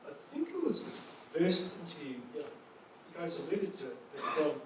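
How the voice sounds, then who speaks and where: A middle-aged man recalling a moving experience in a slow, earnest, wonder-struck way. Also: on the high side, sing-song, pushed and bright. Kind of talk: casual reminiscing. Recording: echoey room, distant mic, background noise.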